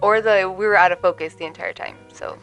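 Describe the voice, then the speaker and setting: A woman's voice: medium pitch, fast, fairly bright tone, faint music behind, rough recording. A young woman and ESL teacher co-hosting a casual chat podcast, loose and chatty, often laughing.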